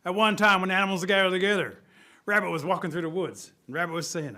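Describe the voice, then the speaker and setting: A man narrating a traditional folk tale in an animated, folksy way. His voice sits slightly high for a man. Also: fast. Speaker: storyteller. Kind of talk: traditional storytelling.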